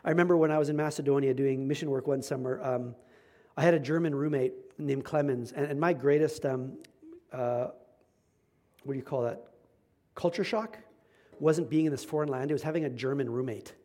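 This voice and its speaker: A man's voice: medium pitch, brisk, warm tone. A male pastor preaching a sermon in a conversational, emphatic way, with self-deprecating asides.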